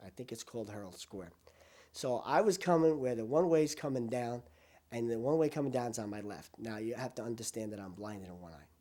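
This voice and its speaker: An older man looks back on his life for a documentary, speaking at medium pitch and a brisk clip. He alternates between loud, emotional outbursts and quiet asides.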